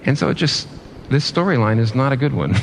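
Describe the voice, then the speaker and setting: A man's voice: medium pitch, lively intonation, a little fast, vocal fry, slight background noise. A man preaching a sermon in an earnest way, often restarting and repeating phrases for emphasis.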